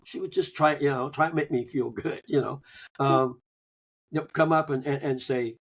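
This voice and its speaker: An older man telling personal stories in a folksy, conversational way, often chuckling and trailing off softly. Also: medium pitch, fairly even intonation, moderate pace. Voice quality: gravelly, husky. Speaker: guest, grief author. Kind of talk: conversational interview.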